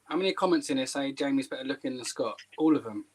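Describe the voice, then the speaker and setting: A man's voice: mid-range voice, lively intonation, fast talker, slightly rough, poor audio. A man, a little out of breath, joking and teasing himself as a guest on a casual livestream. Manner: joking, self-mocking banter.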